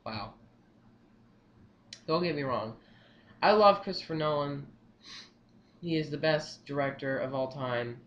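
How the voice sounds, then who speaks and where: A young man giving his movie opinions in a casual vlog, rambling and excitable, repeating himself often. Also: fairly high pitch, unhurried, pauses often, highs cut off, slight background noise. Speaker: vlogger.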